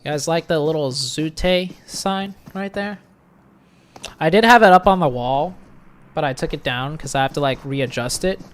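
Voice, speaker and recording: Solo esports caster, chatty then excitable. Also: mid-range voice, normal speed. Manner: chatty and offhand in lulls, bursting into excited calls during fights. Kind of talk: solo play-by-play commentary on a live stream. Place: home room, seated at a streaming setup. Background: faint game gunfire.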